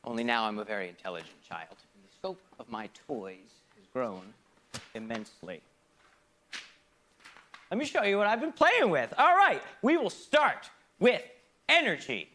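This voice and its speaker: A man performing a theatrical comic monologue, swinging between loud outbursts and hushed asides in a mock-grand, philosophical manner. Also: medium pitch, very animated, normal speed, slight background noise. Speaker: stage performer.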